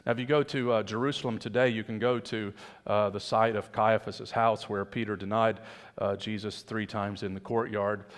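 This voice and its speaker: A man's voice: on the low side, steady tone, normal speed, long reverb tail. A man preaching a sermon, talking to the congregation in a conversational way and asking rhetorical questions. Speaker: pastor.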